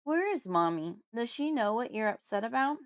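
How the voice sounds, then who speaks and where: A woman's voice: a little high, sing-song, normal speed, clean tone, voice pushed up. A woman voicing a worried father who comforts his daughter and calls out desperately in an audiobook. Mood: anxious. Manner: pleading, loud calls. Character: worried grieving father, tender then desperate. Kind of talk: audiobook character voice.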